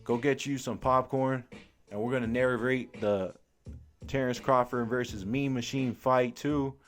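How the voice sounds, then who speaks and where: A young man doing live fan commentary on a boxing match, excited and slangy, full of exclamations. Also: mid-range voice, unhurried, faint music behind.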